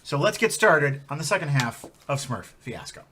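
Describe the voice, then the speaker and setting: A man's voice: a little high, sing-song, moderate pace, sharp tone, a little hiss or hum. A man hosting a comedy tabletop game show, recapping the story with wry, playful chat. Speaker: game host.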